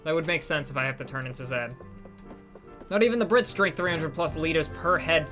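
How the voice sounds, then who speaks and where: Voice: mid-range voice, a little fast, fairly bright tone, faint music behind. A streamer with a slight British accent chatting casually while playing a game live, answering chat and often restarting sentences.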